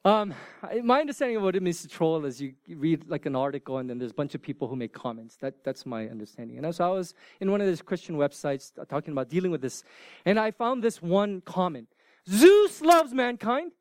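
Pastor guy in his 40s, high voice, dry mic, jokey, then goes all whispery. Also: quick pace, no echo. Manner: swings from loud animated bursts to hushed near-whispers; informal, joking with the congregation. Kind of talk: sermon.

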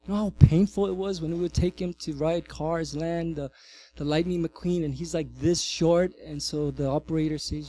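A man in his thirties, a pastor, preaching a sermon and telling a family story with lively swings from loud to hushed. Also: on the high side, normal speed, slight background noise.

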